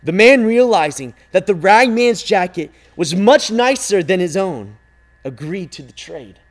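A man tells a story at an unhurried pace with a high, lively voice. He swings from loud calls to hushed, near-whispered lines and draws every phrase out for effect. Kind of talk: dramatic storytelling.

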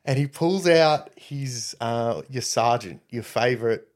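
A man casually recounting a story, rambling and animated when quoting others. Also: medium pitch, a little slow.

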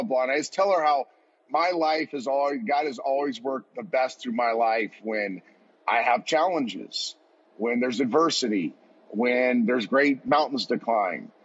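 Earnest and rambling, with many restarts, a forties-aged football coach shares a heartfelt story as a guest on a podcast. He speaks with a slightly rough, medium-pitched voice, heard through dull lo-fi audio.

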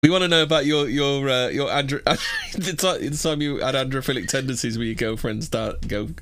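A man's voice: mid-range voice, wildly swooping pitch, a little fast, heavy background noise. A man hosting a live stream, rambling and laughing through crude banter. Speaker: stream host.

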